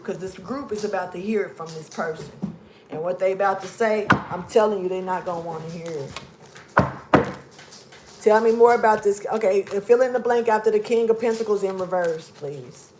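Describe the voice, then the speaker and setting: A woman giving a casual tarot reading, blunt and profane, emphatic, dropping to low mutters. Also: normal speed, heavy background noise. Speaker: tarot reader.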